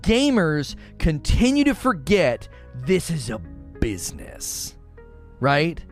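A man's voice: fairly high pitch, wildly swooping pitch, slow, faint music behind. A man hosting a gaming talk show, ranting in an exasperated, emphatic way to his co-hosts. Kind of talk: opinionated gaming commentary.

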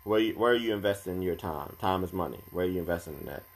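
A young man co-hosting a casual podcast chat, talking in a calm, measured, advice-giving way. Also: low voice.

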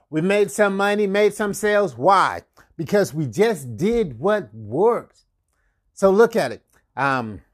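A man hosting a marketing podcast, giving motivational business advice in an energetic, conversational way with frequent chuckles and repeated catchphrases. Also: sits high. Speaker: podcast host and marketing coach. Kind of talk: casual motivational talk.

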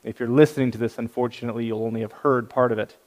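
A man's voice: medium pitch, fairly even intonation, rapid-fire. A male pastor giving a sermon, telling light humorous stories, in a reverberant hall.

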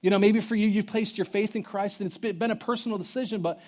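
A man's voice: sits high, fast talker. A man in his thirties preaching a sermon as pastor, telling stories in a conversational, humorous way. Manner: storytelling, conversational and animated with humor.

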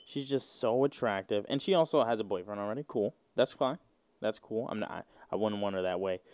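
A man in his twenties hosts a solo podcast, rambling, joking and swearing plenty in a casual rant. His voice sits on the low side, brisk and a little mellow, with no echo.

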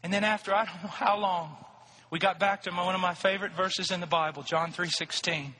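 Male preacher, high bright voice, reverberant hall, passionate storytelling sermon. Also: fairly even intonation, fairly quick, slightly rough. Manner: impassioned storytelling, rising to shouts.

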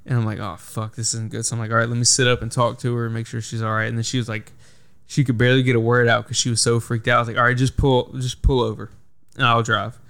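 A man's voice: medium pitch, level tone, fast talker, creaky, fairly bright tone, clean tone. A young man chats casually on a podcast, spinning a long anecdote. He rambles, leans on "like" constantly, and swears freely. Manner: rambling storytelling with frequent "like" and swearing. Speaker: podcast host. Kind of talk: casual chat.

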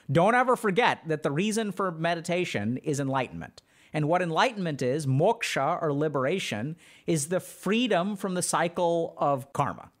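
A man hosting a livestream, explaining ideas to his chat in a relaxed, slangy way full of fillers. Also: on the high side. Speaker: livestream host answering chat. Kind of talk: casual teaching chat.

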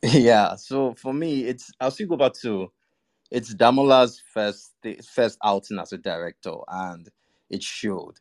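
A man giving a measured, diplomatic film review on a podcast panel, with frequent pauses and fillers. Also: medium pitch, lively intonation, a little mellow, no echo, studio quality. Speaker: panel guest. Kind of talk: casual panel chat.

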